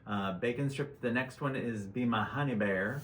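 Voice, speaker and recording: A man's voice: medium pitch, normal speed, slight background noise. A man from Utah, a drag queen co-hosting a tarot show, chatting in an upbeat, effusive way. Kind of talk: casual chat. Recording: echoey room.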